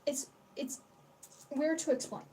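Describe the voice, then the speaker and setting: Her high-pitched voice is warm and steady, with a measured pace. This young livestream host rambles casually, cursing freely and saying hello to her chat, and the distant mic picks up faint background noise.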